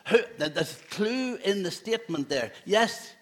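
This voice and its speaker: A man's voice: high-pitched, lively intonation, measured pace. A man, a pastor giving a playful children's talk in a church service, asking the children questions. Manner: playful, asks children questions, laughs often.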